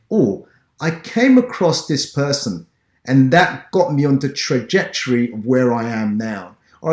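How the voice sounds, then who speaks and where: A man's voice: fairly high pitch, echoey room. A man from Ghana hosting an interview podcast, talking in an earnest, encouraging way. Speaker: podcast host.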